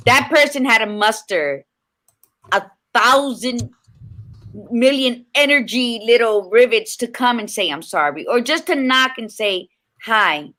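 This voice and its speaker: Bright-voiced woman chatting on a video call. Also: fairly high pitch. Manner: animated storyteller, swears casually. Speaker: podcast co-host. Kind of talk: casual chat. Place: hotel room.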